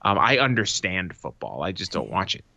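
A man's voice: low-pitched, moderate pace, gravelly, dry recording. A man in his thirties co-hosting a podcast, chatting casually and telling profane stories, acting out what people said. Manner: profane, animated storytelling with acted-out quotes. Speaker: podcast co-host. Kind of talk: casual chat.

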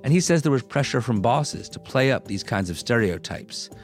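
A male host narrates in an even, mid-pitched voice, steady and clearly scripted, with faint music under him. He moves between narration and questions for his guest. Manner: measured, clear storytelling. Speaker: podcast host and interviewer.

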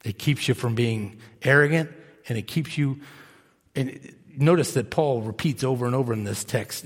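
A male pastor preaching a sermon, earnest, swinging from quiet, slow stretches to emphatic bursts. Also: medium pitch, big-room sound. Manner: earnest, rising to emphatic bursts then dropping soft and slow. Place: church sanctuary.

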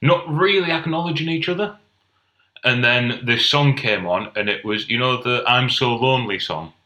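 Young man, podcast co-host, dry sweary storyteller, bright voice, roomy echo. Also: mid-range voice, moderate pace. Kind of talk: casual chat.

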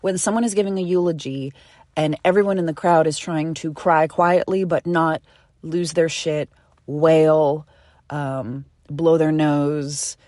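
A woman telling a personal story in a casual, animated, chatty way, with the odd swear. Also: low-pitched, unhurried, dry recording, clean studio sound.

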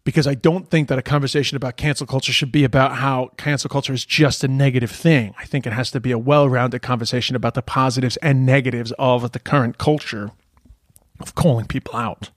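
A man telling a story in a casual podcast monologue, sweary and animated. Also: mid-range voice, fairly quick, no room sound, clean studio sound. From Ireland.

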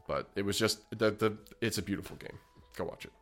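A man with a very low voice chats casually as a podcast co-host, rambling through restarts and laughing often. Faint music hums underneath him. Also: a little fast, a bit bright. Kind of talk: casual chat.

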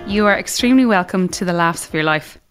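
A woman hosting a podcast, welcoming and interviewing her guest with a quick laugh. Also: lowish voice, expressive, faint music behind. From Ireland. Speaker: podcast host.

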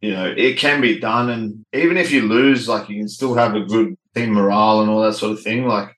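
A man's voice: fairly low pitch, fairly even intonation, brisk, a bit bright, roomy sound, poor audio. A man in his thirties with an Australian accent, a former rugby league player talking casually as an interview guest, laid-back, with lots of "like" and "you know".

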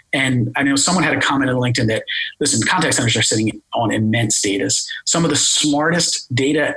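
A man with a Philadelphia accent explaining a technical product in an interview, talking fast and full of jargon. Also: medium pitch, sharp tone, slightly rough, low-quality recording. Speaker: tech company guest explaining voice AI.

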